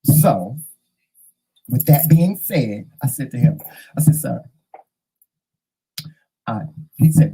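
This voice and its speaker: A man hosting his own show, telling stories to camera in a casual, animated and profane way. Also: mid-range voice, measured pace, gravelly, long pauses, husky, poor audio. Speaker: host.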